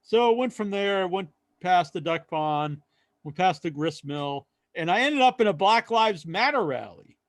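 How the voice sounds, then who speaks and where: A man co-hosting a podcast, telling a long story in casual chat and acting out other people's lines loudly. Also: high voice, expressive, unhurried, no echo. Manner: rambling storyteller, acts out quoted voices loudly. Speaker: podcast co-host.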